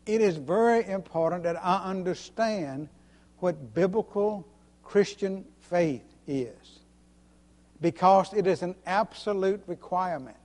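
A man's voice: high-pitched, a little mellow, big-room sound. A male preacher giving a sermon, earnest and repeating key lines for emphasis.

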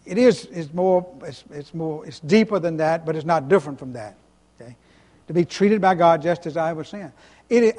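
A man's voice on the high side, a little mellow, carries a long reverb tail as he preaches as pastor. Emphatic throughout, he punches single words, goes back over what he said, and asks the congregation questions to get them answering.

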